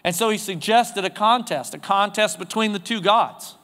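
A pastor with a high, smooth, resonant voice preaches to his congregation. He talks casually and throws questions out to the room. A long reverb trails off the walls of the church. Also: normal speed, pushed and bright. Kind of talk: sermon. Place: church sanctuary.

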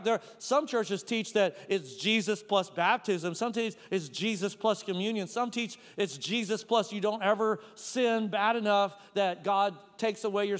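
Guy pastor with a pretty high voice, chatty sermon, long echo tail from the hall. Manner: casual and chatty, with many "like" fillers and personal stories. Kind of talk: conversational sermon.

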